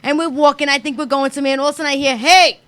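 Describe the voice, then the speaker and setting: A woman's voice: sits high, very fast, no echo. A brash woman from New York, co-hosting a podcast and telling profane stories in a casual chat. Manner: brash, profane, animated storyteller. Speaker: podcast co-host.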